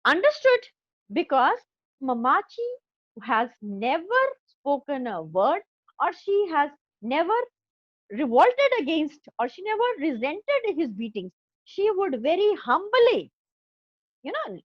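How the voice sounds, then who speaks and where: A woman's voice: sits high, big pitch swings, a little slow, dry recording, muffled recording. A woman teaching an English class, explaining a story line by line with an Indian English accent and checking often that her students have understood.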